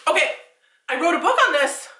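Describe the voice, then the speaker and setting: A woman in her thirties, a baby name consultant, reacting to an article on camera, animated and increasingly exasperated, laughing often. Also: sits high, measured pace, reverberant.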